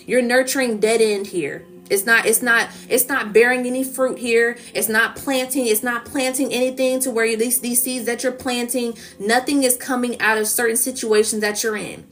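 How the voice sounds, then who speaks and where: A woman's voice: on the high side, a bit bright. A woman giving a spiritual collective reading in a casual, coaxing manner, often checking in with "okay?" and "right?". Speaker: tarot reader.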